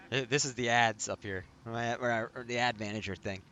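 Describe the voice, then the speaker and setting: A man's voice: mid-range voice, fairly even intonation, normal speed, pushed and bright. A man hosting his live stream, chatting casually with friends, laid-back, swearing and laughing often. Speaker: streamer host. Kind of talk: casual chat.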